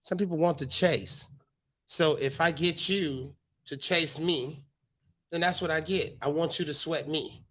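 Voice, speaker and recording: High-pitched frank man swearing casually. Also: a little slow, fairly bright tone. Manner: frank, profane, acts out quotes. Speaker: podcast co-host. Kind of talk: casual chat. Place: bar on location.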